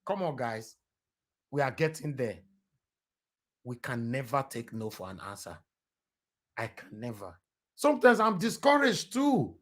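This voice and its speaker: A man's voice: mid-range voice, very animated, unhurried, long pauses, a bit bright. A man with a Nigerian accent hosting a casual political livestream with callers, impassioned and pleading, mixing in Pidgin English. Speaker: livestream political show host.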